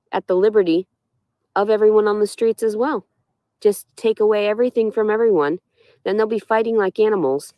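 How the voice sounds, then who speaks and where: A woman's voice: medium pitch, darkish tone, no room sound. A woman ranting bitterly on a livestream from inside her car, sarcastic and swearing heavily. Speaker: livestreaming vlogger. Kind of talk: profane ranting monologue.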